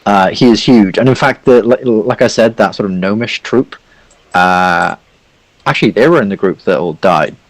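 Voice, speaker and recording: A man runs a tabletop game as game master, rambling through scenes with lots of fillers. His voice sits low, and the recording is dry and close. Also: normal speed, no echo, poor audio.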